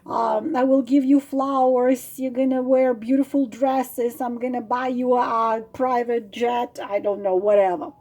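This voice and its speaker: A woman's voice: fairly high pitch, steady tone, a little slow, few pauses, a little mellow. A woman voicing a boastful enchanted male frog king who promises riches and then gives orders. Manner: grandiose, demanding, promises then commands.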